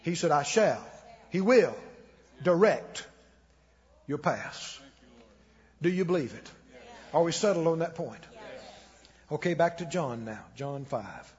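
A male pastor with a high, husky voice drives his sermon home and has the congregation echo his lines. His voice rings with a long church reverb on a dull, lo-fi recording. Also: lively intonation, takes it slowly, pauses often. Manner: emphatic, calls the congregation to repeat after him. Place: church sanctuary.

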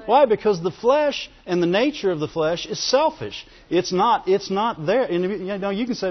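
A man's voice: high voice, animated, moderate pace, hardly any pauses, husky. A man preaching a sermon in a conversational way, often laughing and calling for amens. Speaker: pastor. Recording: dull lo-fi recording in a reverberant hall.

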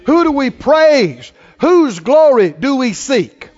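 A man's voice: extremely high pitch, big pitch swings, takes it slowly, a little mellow. A man preaching a sermon to a congregation, leading call-and-response and asking rising questions. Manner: rising, exhorting rhetorical questions. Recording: long hall reverb, dull lo-fi sound.

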